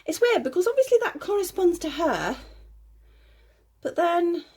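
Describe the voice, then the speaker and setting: A woman with a very high, slightly mellow voice and big pitch swings talks at a moderate pace as she unboxes little dolls at home. The doll collector chats casually to camera, cooing over tiny details and sounding a bit out of breath.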